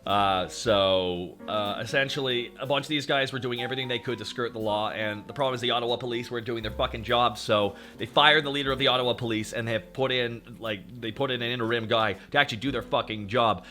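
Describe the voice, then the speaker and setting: A young Canadian man with a bright, forceful voice rants to his stream chat while he plays. He swears freely and talks off the cuff in a Canadian accent. Faint game music plays under his voice. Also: mid-range voice, steady tone, fast, few pauses. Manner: profane, ranting, talks to chat. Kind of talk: casual gaming stream chat.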